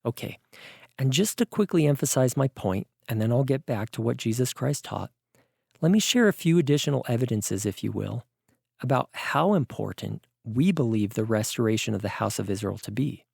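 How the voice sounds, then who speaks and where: A man's voice: mid-range voice, expressive, moderate pace, creaky, a little mellow, slightly rough, dry recording, studio quality. A man giving a vlog sermon, explaining in an earnest, teaching way. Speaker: preacher.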